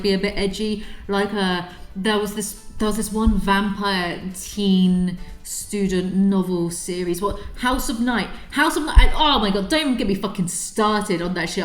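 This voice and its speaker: A woman's voice: medium pitch, reverberant. A woman reading a book aloud and mocking it in dry, sarcastic commentary, rambling and swearing between passages. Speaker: video creator.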